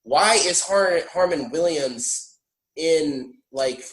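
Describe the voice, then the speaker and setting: A man hosting a podcast, chatting casually about a film, animated and laughing often, stumbling over restarts. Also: on the high side, slow pace, echoey room, slight background noise, poor audio. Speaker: podcast host.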